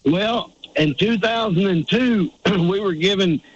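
A man's voice: high-pitched, slow, breathy edge, no room sound, lo-fi sound. A married man calling in to a radio show and telling a rambling story with laughter. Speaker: caller.

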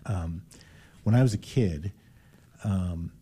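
Older male host, low and mellow, chatting warmly and haltingly about the past. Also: slightly rough. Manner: reminiscing, halting, with many fillers. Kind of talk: casual chat.

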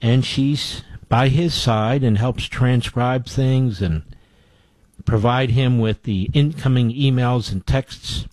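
With no echo in the recording, a man speaks slowly in a darkish, mid-range voice while hosting a political talk show. He delivers an indignant, opinionated monologue, stressing points by repeating phrases.

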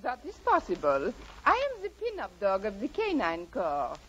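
An actress playing a flirty French poodle with a put-on French accent in a 1940s radio comedy. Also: female voice, mid-range voice, wildly swooping pitch, normal speed. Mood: coquettish. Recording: dull lo-fi old radio recording with loud hiss.

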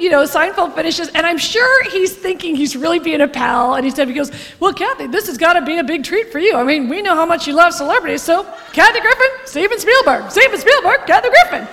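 A woman stand-up comedian telling a brash, profane story with animated delivery. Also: very high voice, big-room sound, background noise.

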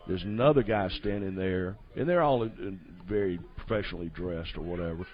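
A man's voice: sits low, a little fast. A man, telling a hunting trip story as a guest in an easygoing, rambling way. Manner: easygoing, rambling, laughs often. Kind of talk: casual storytelling. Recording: dull lo-fi audio.

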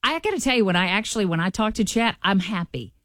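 A woman's voice: mid-range voice, lively intonation, fast, a bit bright, dry recording. Woman, radio cohost, upbeat, laughs easily, dry studio sound. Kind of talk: casual morning show banter.

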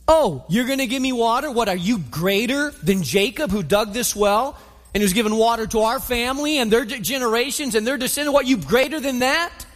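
A sarcastic, guarded woman at a well, as a preacher puts her on, high and mocking. She fires off skeptical questions. The voice rings out with a long hall reverb. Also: lively intonation, normal speed, hardly any pauses, breathy edge, full character voice.

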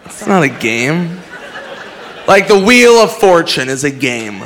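A male stand-up comedian ranting about game shows, breaking into loud outbursts. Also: on the high side, a little slow, a faint crowd, a little hiss or hum. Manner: loud, excitable rants with shouted outbursts. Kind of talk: stand-up routine.

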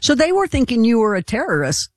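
High-voiced man interviewer, quick reactions. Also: huge pitch swings, no echo, studio quality. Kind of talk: conversational interview.

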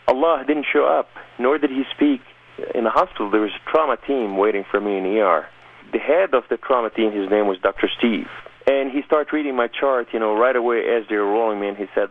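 Over a tinny, phone-like line, a man appears as a guest on a radio interview and earnestly shares his life story as a personal testimony. He speaks at medium pitch and a brisk pace.

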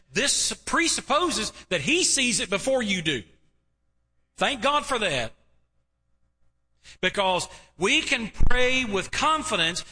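Bright-voiced preacher in a reverberant hall. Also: male voice, high-pitched, very animated. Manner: emphatic preaching with long drawn-out pauses. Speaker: pastor. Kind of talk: sermon. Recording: long reverb of a large hall.

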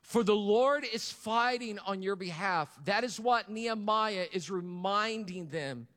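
A man with a notably high voice preaches unhurriedly to his congregation, drawing out his phrases and asking for responses. His words echo with the long reverb of a large church hall. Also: measured pace, a bit bright. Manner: preaching to a congregation, calls for responses, repeats lines for emphasis. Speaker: pastor. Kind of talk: sermon.

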